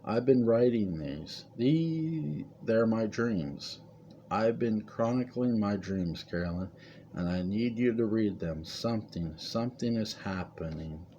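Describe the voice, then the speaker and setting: A man's voice: fairly low pitch, lively intonation, takes it slowly, dark tone, muffled recording, a little hiss or hum, pitched above the performer's own voice. A man reading the lines of a frightened elderly woman in her eighties, a family matriarch who pleads urgently. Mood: pleading. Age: 80s.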